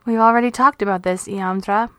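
A weary mother, read by a woman, answers in a soft, quiet, resigned voice. She is calm and sad rather than angry. The sound is close and dry. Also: medium pitch, fairly quick, no echo, lightly acted.

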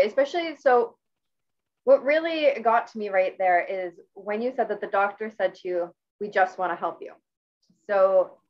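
A woman's voice: medium pitch, muffled recording. A woman from Canada interviewing a guest in a casual, earnest, rambling way with many restarts.

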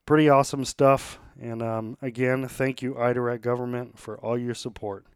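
Man, podcast host, rallying and casual, crisp voice, close dry mic. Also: medium pitch, flat delivery, normal speed, dry recording. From United States. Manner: upbeat, rallying, plainspoken with fillers. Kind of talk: sponsor reads and casual interview.

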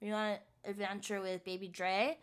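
A woman's voice: mid-range voice, flat delivery, normal speed. A young woman co-hosting a podcast, chatting casually, laughing often and saying "like" a lot. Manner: giggly, chatty, full of "like". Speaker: podcast co-host. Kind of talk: casual chat.

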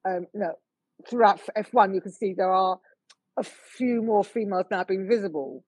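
A middle-aged woman from the United Kingdom, a motorsport official, speaking as a guest in a conversational interview in an earnest, measured way with frequent fillers. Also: medium pitch, darkish tone, husky, no room sound, rough recording.

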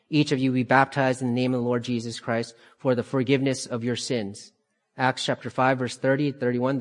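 With a medium-pitched voice, a man teaches from the Bible, walking through passages in a calm way and restating important phrases to stress them.

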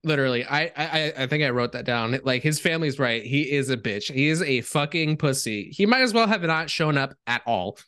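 A man's voice: medium pitch, animated, fairly quick, few pauses, a bit bright, clear, resonant tone. A man guest on a movie podcast, chatting in a blunt, profane, incredulous way. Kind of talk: casual movie review chat.

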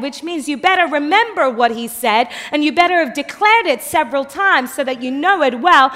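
Bright-voiced woman preaching a passionate sermon. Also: sits high. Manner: impassioned preaching that swings from hushed to loud declarations. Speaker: pastor. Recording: long hall reverb.

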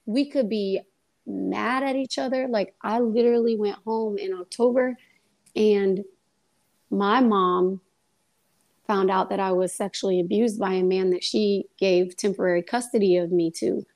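A woman's voice: medium pitch, a little slow, gravelly. Young woman telling a heartfelt story. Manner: lively storytelling, acts out quoted dialogue. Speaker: guest. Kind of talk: casual faith testimony.

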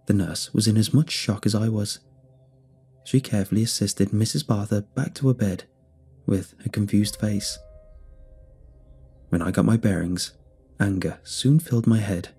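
Low, husky man narrating horror. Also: steady tone, normal speed, long pauses, mellow, soft background music. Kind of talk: scripted first-person horror narration.

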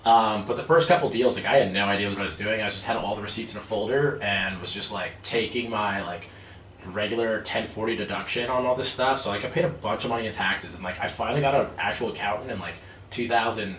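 A man in his thirties telling a lively story about his army days, acting out quotes and laughing often. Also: on the low side, fairly quick. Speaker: guest, army veteran turned real estate investor. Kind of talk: casual storytelling interview. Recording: roomy, distant mic with faint noise.

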